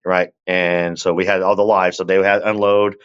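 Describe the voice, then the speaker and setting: A man, a guest telling a long story in a relaxed, conversational way and often turning to the listener with asides. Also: sits low, moderate pace, clear, resonant tone, dull audio. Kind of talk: casual storytelling.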